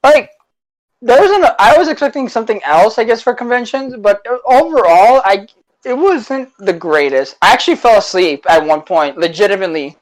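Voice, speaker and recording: A man's voice: high voice, expressive, normal speed, low-quality recording. Laid-back man telling convention stories. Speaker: podcast co-host. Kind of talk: casual chat.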